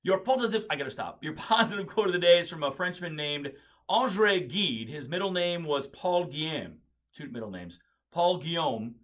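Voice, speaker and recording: A man's voice: on the high side, a bit bright. A man hosting a daily positive quote video, speaking casually and thinking aloud, often searching for words and correcting himself. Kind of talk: casual spoken monologue.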